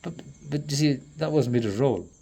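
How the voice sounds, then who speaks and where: A man in a profane, rambling monologue that swings between loud outbursts and low muttering. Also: fast, slightly rough. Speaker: traveling performer.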